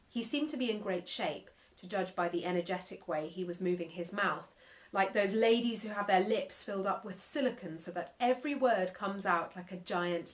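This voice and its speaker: Woman reading her novel aloud. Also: mid-range voice. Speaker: nominated author.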